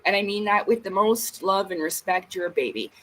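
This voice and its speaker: A woman's voice: mid-range voice, a little fast, a bit bright, low-quality recording. A woman vlogger in a casual ranting monologue, blunt and emphatic, swearing heavily.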